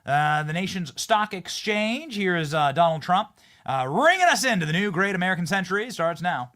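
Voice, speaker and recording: Hyped-up man hosting a lively commentary show. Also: sits high, moderate pace. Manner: hyped, jokey, riffing with loud bursts. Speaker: show host. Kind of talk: excited political commentary show.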